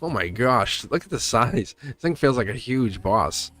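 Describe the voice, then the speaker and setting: A man's voice: medium pitch, lively intonation, a little slow, bright, forceful tone. A man doing a live-stream tarot reading, talking casually to viewers and laughing often. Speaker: tarot reader.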